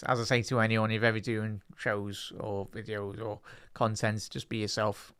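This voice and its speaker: This is a chatty Liverpool man doing live match-day watch-along commentary, reading the live chat aloud and then rising into play-by-play calls as the action unfolds. His voice is lowish, clear and resonant, fairly bright, with little pitch movement and a moderate pace. The studio-quality recording has no room sound.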